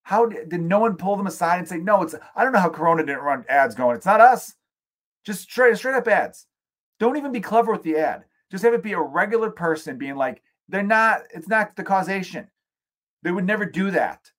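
Male podcast host from the US, solo rant, profane, animated, sarcastic. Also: high voice, brisk. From United States.

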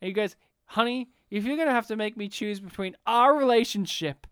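Aussie podcast co-host, smooth voice, jokey and crude, dry close mic. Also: male voice, high voice, brisk, fairly bright tone, dry recording. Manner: joking, swears freely, mock voices. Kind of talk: casual banter.

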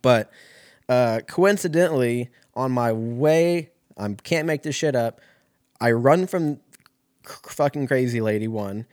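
A man's voice: mid-range voice, measured pace, a little mellow, dry recording, clean studio sound. A young man telling a rambling, profane story in a casual way, often laughing.

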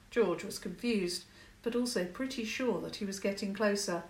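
A woman narrating a children's story in a calm, measured way. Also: medium pitch, echoey room, distant mic, poor audio.

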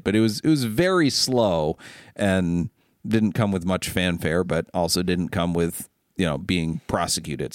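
Male host, low register, dry close sound, loose rambling delivery with stammered restarts. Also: no room sound. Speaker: show host and car dealer. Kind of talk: casual show chat.

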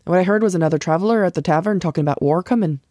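A woman's voice: on the low side, racing, mellow, dry recording, studio quality, close to an everyday voice. A woman reading the part of an anxious village man who insists on his warning. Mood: urgent. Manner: urgent, pleading.

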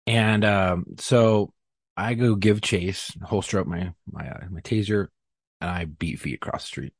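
Low husky man telling a story. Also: unhurried, no echo, clean studio sound. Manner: profane, animated retelling with acted-out quotes. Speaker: podcast guest. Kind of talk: casual storytelling.

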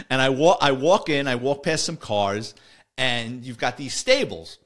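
A middle-aged man from the Bronx with a New York accent, a retired detective telling a story in a lively, salty way and acting out the dialogue. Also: medium pitch, unhurried. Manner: animated, swearing, acts out dialogue. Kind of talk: casual storytelling.

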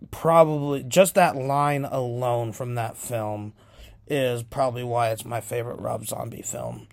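A man's voice: mid-range voice, a little mellow, no room sound. A man hosting his own podcast, rambling casually with many fillers. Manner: rambling, lots of filler ums. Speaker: podcast host.

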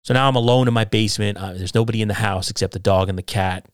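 This middle-aged man talks fast with a fairly low, steady, clean-toned voice, recorded cleanly with no echo. Hosting his solo podcast in his basement at home, he's sarcastic and combative while also poking fun at himself.

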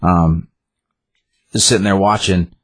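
Low husky man retelling a comic. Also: steady tone, measured pace. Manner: rambling, lots of fillers and restarts. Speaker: comic book reviewer. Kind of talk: casual chat retelling a story.

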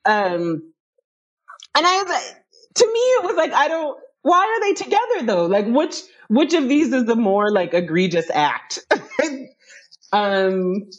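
A woman's voice: fairly high pitch, big pitch swings, measured pace, highs cut off. A woman guest in a podcast interview, telling funny stories casually, laughing often and restarting her sentences.

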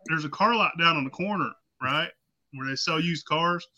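Bright, profane laughing storyteller man. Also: fairly high pitch, normal speed. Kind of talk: casual storytelling. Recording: muffled lo-fi sound.

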